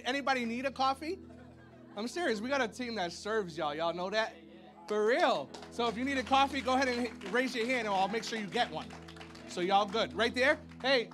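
High-voiced chatty man preaching. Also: sharp tone. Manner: chatty and playful, lots of "y'all" and "like", with high playful sound effects. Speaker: pastor. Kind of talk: casual sermon. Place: church sanctuary with a congregation.

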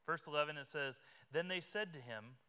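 A man's voice: on the high side, brisk, sharp tone, clean tone. A man preaching a sermon as pastor, telling the story conversationally and acting out the characters as he goes. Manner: conversational, vivid retelling that acts out the characters. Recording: reverberant church hall live stream.

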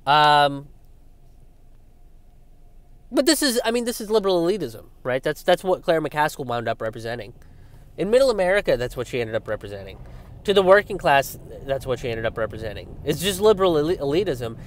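A man's voice: on the high side, sing-song, fairly quick. Ranting sarcastic young man, profane. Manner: sarcastic, profane, mocking impressions of others. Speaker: political commentary host. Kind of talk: ranting political commentary.

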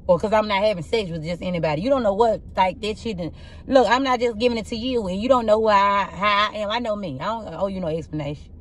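A tarot reader with a rough, husky, medium-pitched voice gives a casual reading, telling blunt, profane stories in an animated way. There's a little hiss or hum on the recording.

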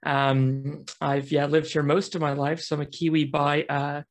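Chatty American man with a gravelly edge. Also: on the high side, little pitch movement, measured pace. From United States. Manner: chatty, self-deprecating, enthusiastic. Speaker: guest speaker, podcast network founder. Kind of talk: casual presentation on a video call. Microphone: video call.

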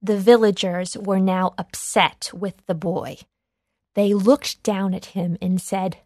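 In a close, dry recording with no room sound, a woman narrates a read-along storybook for children. She speaks at a middle pitch, slowly and evenly, with a clear and expressive delivery.

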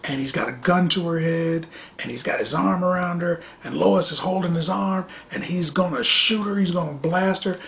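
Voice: mid-range voice, normal speed, vocal fry, fairly bright tone, a little hiss or hum. A middle-aged movie reviewer talking casually and animatedly, with sarcastic asides and phrases repeated for effect.

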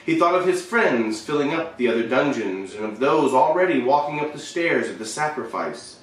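A man reading a short story aloud, expressive, with shifting emphasis and the occasional slip. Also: medium pitch, normal speed, far from the mic. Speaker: reader. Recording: very echoey room, voice away from the mic.

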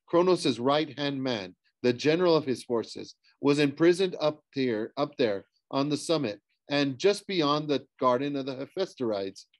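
A man's voice: mid-range voice, lively intonation, moderate pace, few pauses, no room sound, close to an everyday voice. A man reading the lines of a stern, formal teenage huntress in an audiobook, grim in manner. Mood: grave.

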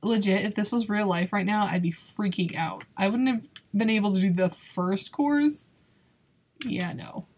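Woman narrating her gameplay, kinda breathy, nervous and exclaiming a lot, laughs a bunch. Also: mid-range voice, a little slow, darkish tone. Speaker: YouTuber playing a video game. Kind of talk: casual gameplay commentary.

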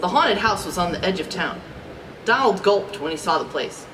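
A woman reading a children's storybook aloud in an expressive, amused manner. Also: fairly low pitch, moderate pace. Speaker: storybook reader. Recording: distant mic with background noise.

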